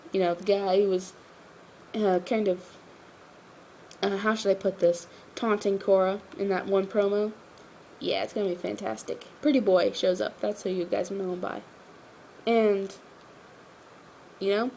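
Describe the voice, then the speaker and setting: A woman's voice: medium pitch, fairly even intonation, normal speed, a little mellow, slight background noise. A tired woman talking through an episode review in a casual, rambling way, filling her sentences with "like" and "you know".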